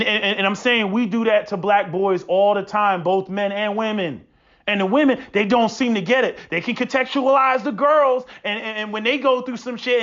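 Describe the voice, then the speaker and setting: A man's voice: very high voice, a bit bright. A man in a profane, preachy opinion monologue who often stumbles into repeated restarts. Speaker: podcast host. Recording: dull lo-fi sound.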